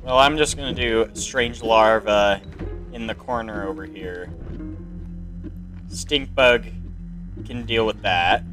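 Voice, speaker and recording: A man giving casual, excitable commentary while playing a card game, reading its text aloud and exclaiming at the plays. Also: lowish voice, slow pace, pauses often, faint music behind. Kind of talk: casual let's-play commentary.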